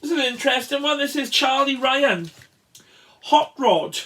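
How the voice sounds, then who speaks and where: A man casually showing records from his collection, chatty and enthusiastic, with frequent pauses and restarts. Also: extremely high pitch, animated, pushed and bright. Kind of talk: casual record show-and-tell.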